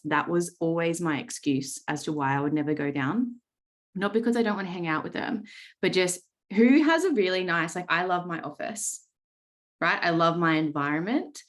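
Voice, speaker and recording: An Australian woman in her thirties coaching traders on a video call, blunt and swearing freely, often checking in with "right?". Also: deep voice. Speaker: trading coach. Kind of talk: live coaching session talk.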